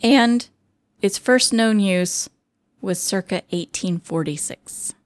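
A woman co-hosting a podcast in casual chat, playfully quizzing her co-host with animated delivery. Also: medium pitch, slow, dry recording. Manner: playful quiz-master, swooping animated delivery with gasps.

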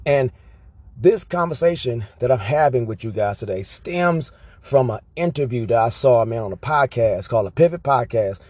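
A man with a husky voice tells casual stories to his viewers, animated and loose with his swearing. He is recorded dry and close, with no room around him. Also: medium pitch, no room sound. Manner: animated, profane, tag questions like "right?". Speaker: vlogger. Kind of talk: casual storytelling monologue.

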